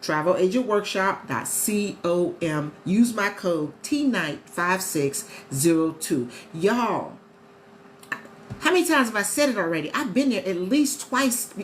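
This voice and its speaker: A woman chatting casually to viewers on a live stream as a travel agent host, animated and talkative. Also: medium pitch, a little slow. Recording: echoey room with faint ambient noise.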